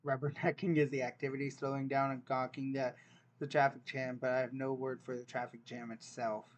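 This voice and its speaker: A man's voice: mid-range voice, flat delivery, fairly quick, highs cut off. A young man, casually reacting to a dialect quiz, joking and incredulous as he thinks aloud. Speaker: vlogger taking an online dialect quiz.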